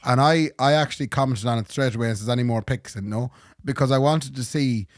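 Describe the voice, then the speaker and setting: A man's voice: mid-range voice, quick pace, no room sound, studio quality. An Irish man co-hosting a podcast, chatting casually and acting out the phone calls in the stories he tells. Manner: animated storyteller, acts out phone calls. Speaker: podcast co-host. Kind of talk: casual chat.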